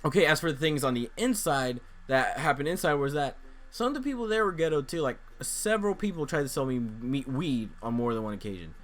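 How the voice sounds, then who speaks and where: A man's voice: mid-range voice, fairly quick. Rambling young man vlogger. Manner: rambling, animated, acts out quoted voices. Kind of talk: casual storytelling.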